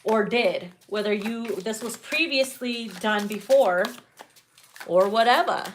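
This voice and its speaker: A woman's voice: on the high side, takes it slowly, a little hiss or hum. A young adult woman giving a casual tarot reading, sassy and profane, often breaking into laughter at her own jokes. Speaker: tarot reader.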